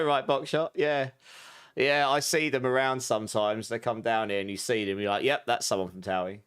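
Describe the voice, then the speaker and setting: A man's voice: medium pitch, fairly even intonation, fairly bright tone, clean tone. Chatty Essex man streaming a game. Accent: Essex English. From southeast England. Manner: chatty, reads out viewer messages, quick asides. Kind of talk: casual live-stream chat.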